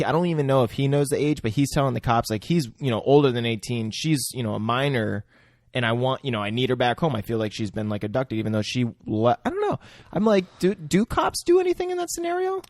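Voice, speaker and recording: A man co-hosting a podcast, chiming in with quick agreements and laughter and giving his own takes on a film. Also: medium pitch, dry recording, clean studio sound. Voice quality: lively, laughs and chimes in with short agreements. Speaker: podcast co-host. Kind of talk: casual chat.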